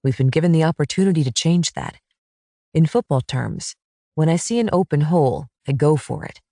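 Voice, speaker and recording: A woman's voice: deep voice, expressive, brisk, dark tone, dry recording, clean studio sound. Woman reading an earnest quarterback dad. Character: earnest romantic quarterback man, single dad.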